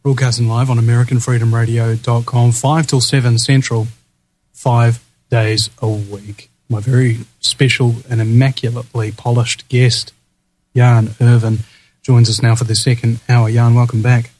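A man's voice: medium pitch, flat delivery, moderate pace, a little mellow, poor audio. A man with a New Zealand accent hosting live talk radio, with an announcer-style delivery and theatrical asides. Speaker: radio talk show host.

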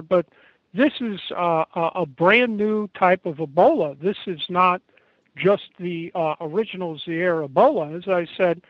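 High-voiced American man on a dull call line. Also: dry recording. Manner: halting, emphatic, many pauses. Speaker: interview guest. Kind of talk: remote interview over a call. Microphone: internet call. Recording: dull lo-fi internet call audio.

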